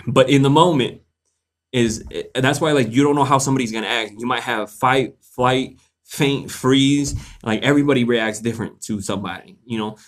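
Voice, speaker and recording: A man of ordinary pitch hosts a live question-and-answer stream, telling stories to his viewers in a loose, casual way. He is animated, breaks into laughter often, and swears freely. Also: normal speed.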